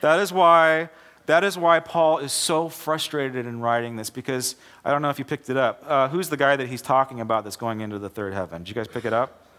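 A man's voice: mid-range voice, brisk, fairly bright tone. A young adult man, a pastor, preaching in a church in a loose, conversational way, often restarting his words as he tells a joke to make his point. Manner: conversational, repeats and restarts words, acts out quoted characters. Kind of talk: sermon with a joke told as illustration.

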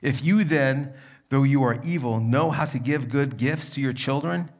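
A young adult male pastor preaching a sermon in a conversational, storytelling manner, with a gravelly voice. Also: medium pitch, normal speed.

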